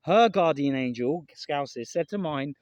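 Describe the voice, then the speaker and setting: A man's voice: on the high side, animated, measured pace, no room sound, lo-fi sound. A man talking to camera in a casual, rambling vlog, earnest and emotional, often repeating himself and swearing. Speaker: vlogger.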